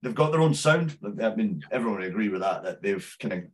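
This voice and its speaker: A Scottish man with a fairly low voice talks loosely as a podcast guest. He swears freely and laughs often as he chats. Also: lively intonation, quick pace. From Scotland. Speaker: musician guest. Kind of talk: casual podcast interview.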